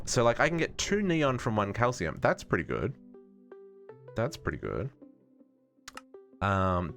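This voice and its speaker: Australian male streamer, low-pitched, animated, chatty and self-correcting. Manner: thinking aloud, musing and self-correcting. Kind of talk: casual live-stream gaming chat.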